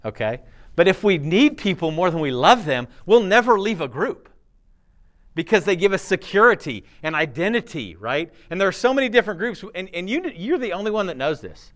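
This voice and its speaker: A male pastor in his thirties delivers a sermon as if chatting with friends. He acts out little dialogues, laughs often and swings his voice up and down, sitting a bit higher than most men. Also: a little fast. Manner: animated, conversational, acts out quotes, laughs often.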